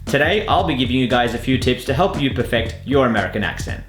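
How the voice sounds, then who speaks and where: A man's voice: medium pitch, lively intonation, quick pace, over music. Upbeat man coaching in an echoey room. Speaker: accent coach. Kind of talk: video lesson. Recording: roomy echo.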